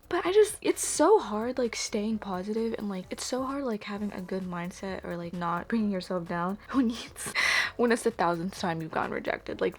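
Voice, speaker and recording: A woman's voice: mid-range voice, slight background noise. A young woman, chatting casually to camera while doing her makeup, rambling and nervous. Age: 20s. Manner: rambling, filler-heavy, animated and anxious. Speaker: vlogger.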